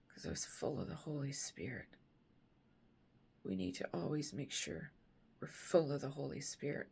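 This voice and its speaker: A grieving mother sharing a late-night faith reflection at home, speaking softly and often in a whisper, with halting phrases. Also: low voice, vocal fry, breathy edge.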